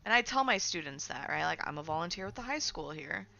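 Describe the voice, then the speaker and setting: Bright-voiced woman streamer ranting. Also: lowish voice, expressive, fast, vocal fry, muffled recording. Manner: profane, ranting, filler-heavy. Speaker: game streamer. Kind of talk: casual chat while gaming.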